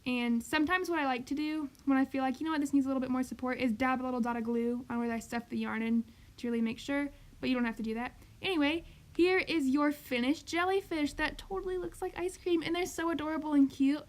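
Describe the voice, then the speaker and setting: A woman's voice: high voice, fairly even intonation, fast. A young woman doing a rambling, chatty voiceover for a crochet tutorial, full of "like" and "um". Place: home craft recording, voiceover.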